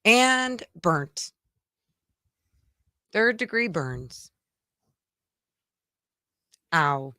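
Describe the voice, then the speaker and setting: A woman's voice: medium pitch, sing-song, extremely slow, pauses often, pushed and bright, no echo. A woman co-hosting a live sports radio show, bantering playfully with bursts of exclamation in a studio. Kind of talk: casual live sports talk.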